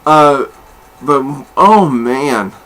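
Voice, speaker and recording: Bright-voiced blunt comic reviewer, man. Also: medium pitch, lively intonation, extremely slow. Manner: blunt and candid, swears freely; rambling with many fillers and restarts. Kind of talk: casual review monologue.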